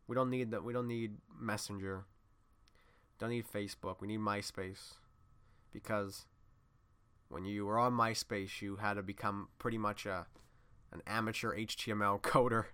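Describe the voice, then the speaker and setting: A man hosting a casual monologue, rambling through a story and swinging from low muttering to loud excited bursts.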